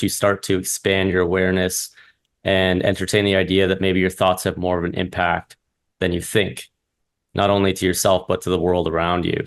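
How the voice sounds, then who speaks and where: A man's voice: deep voice, creaky. A man interviewing a guest, asking thoughtful, searching questions in a conversational way.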